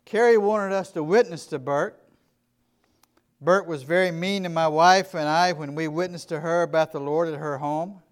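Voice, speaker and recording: High, clear-voiced Southern US pastor. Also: male voice, moderate pace. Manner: earnest, emphatic, shifts from quiet to loud. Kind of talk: sermon storytelling.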